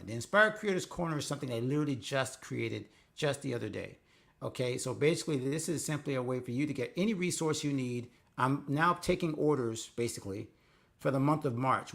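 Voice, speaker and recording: Guy hosting a live stream, gravelly voice, earnest rambly straight talk. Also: mid-range voice. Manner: earnest, conversational, rambling with restarts. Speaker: host of a faith-based creative coaching live stream.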